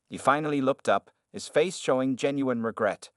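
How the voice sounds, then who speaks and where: A man narrating a scripted story in a steady, even delivery. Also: medium pitch, normal speed, hardly any pauses, no echo, clean studio sound.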